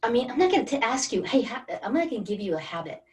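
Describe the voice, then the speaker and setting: A woman's voice: on the high side, big pitch swings, quick pace, distant mic. A woman wellness coach leading an online group through a guided energy exercise, coaxing and encouraging participants by name. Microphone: video call.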